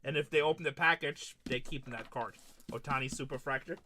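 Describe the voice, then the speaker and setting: A man's voice: medium pitch, brisk, pushed and bright, a little hiss or hum. A man hosting a live card-break stream, chatting casually and retelling stories of his conversations with customers.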